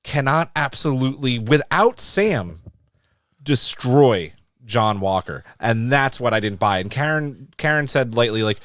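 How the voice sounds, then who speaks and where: A man's voice: mid-range voice, expressive, a little slow, fairly bright tone, no room sound, clean studio sound. A man hosting a casual podcast discussion, emphatic and swearing freely as he argues his point. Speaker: podcast host.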